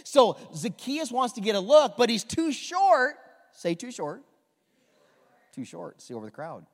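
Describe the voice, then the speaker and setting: Male pastor, high lively voice, joking sermon, long church-hall reverb. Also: measured pace. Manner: animated, jokey, asks the congregation to repeat lines. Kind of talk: humorous sermon. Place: church sanctuary.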